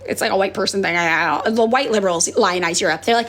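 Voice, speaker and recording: A woman in casual chat, answering viewer questions as a political influencer, frank and profane, with sighs and fillers, and she acts out other people in sudden high voices. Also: fast, fairly bright tone. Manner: chatty with many fillers and sighs.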